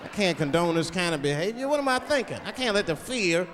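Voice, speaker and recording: A man's voice: high-pitched, sing-song, fast talker, noisy background. A male stand-up comedian telling a laid-back, profane story on a theater stage. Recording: hall reverb, loud crowd laughter.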